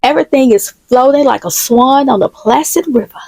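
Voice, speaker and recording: A woman's voice: high voice, fairly quick, darkish tone, breathy edge, pitched above the performer's own voice, rough recording. Woman doing a sing-song flamboyant male receptionist. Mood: theatrical. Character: flamboyant male clothing receptionist, poetic dancer.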